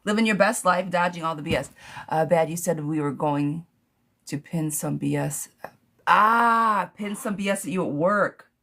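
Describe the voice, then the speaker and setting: A woman's voice: lowish voice, moderate pace, a bit bright. Chatty woman reading tarot live. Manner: chatty, playful, calls viewers darling and girl. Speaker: tarot reader.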